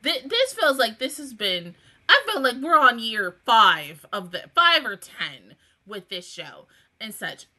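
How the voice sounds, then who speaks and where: Hosting a laid-back anime reaction review, this woman gets emotional and swears without restraint, shifting between quiet muttering, laughing, and outbursts close to tears. She sounds very animated, with a sharp tone and a measured pace.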